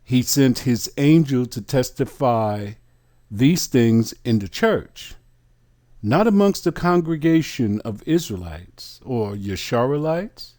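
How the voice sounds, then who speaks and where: Man, bible teacher, scripture study, very slow delivery, warm dark voice, deliberate. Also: medium pitch, sing-song. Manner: deliberate, reads definitions aloud, drawn-out phrases; addresses listeners as brothers and sisters.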